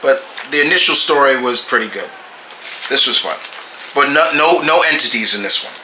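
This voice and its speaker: A man casually reviewing comic books, halting and often restarting his phrases. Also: medium pitch, lively intonation, pushed and bright, reverberant, a little hiss or hum, low-quality recording.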